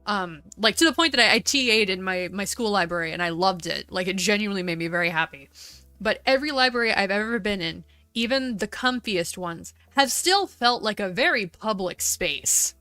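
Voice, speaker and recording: A woman's voice: mid-range voice, lively intonation, sharp tone, no echo, faint music behind. A woman with an American Valley Girl accent, chatting casually and swearing while streaming a game. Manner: chatty, swearing, quick asides.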